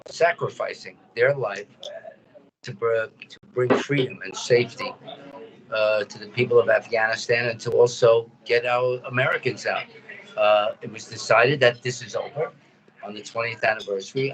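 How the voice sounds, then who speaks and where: A man hosting a talk radio show, speaking in an earnest, somber, measured way. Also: on the low side, steady tone, a bit bright, rough recording. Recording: crowd chatter behind.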